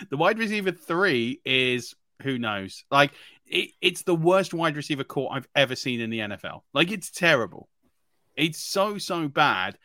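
Male podcast co-host, bright and dry, emphatic and excitable. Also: medium pitch, no room sound. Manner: emphatic, excitable, frequent restarts and laughs. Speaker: fantasy football podcast co-host. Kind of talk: casual sports analysis chat.

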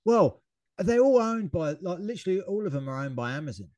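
A man's voice: high voice, fairly quick, no room sound. A man chatting casually as a podcast co-host, telling stories with laughs and acted-out quotes. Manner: animated storyteller, acts out quotes with shouts and laughs. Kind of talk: casual chat.

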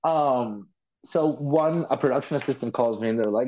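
Guest man, loose and enthusiastic, with a dull, low-fidelity sound. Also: normal speed. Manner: effusive, excitable, loose and profane. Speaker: reality show alumnus guest. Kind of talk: casual podcast chat.

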